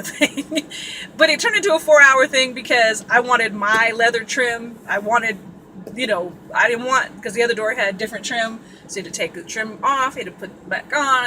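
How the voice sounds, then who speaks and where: A woman's voice: a little high, sharp tone, slight background noise, rough recording. A woman from Sacramento telling a story in a casual, blunt and profane way, full of asides. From Sacramento, California. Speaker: vlogger.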